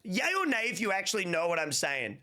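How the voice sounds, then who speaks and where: A man's voice: sits high, fairly quick. A man, chatting casually and telling rambling stories on a livestream with lots of slang. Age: 30s. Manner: rambling, animated storytelling with playful slang. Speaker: streamer.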